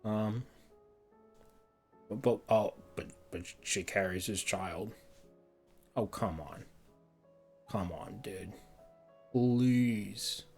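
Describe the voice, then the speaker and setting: A man's voice: fairly low pitch, very slow, creaky, long pauses, darkish tone, faint music behind. A man streaming a heated game review, ranting and swearing often, repeating words in frustration.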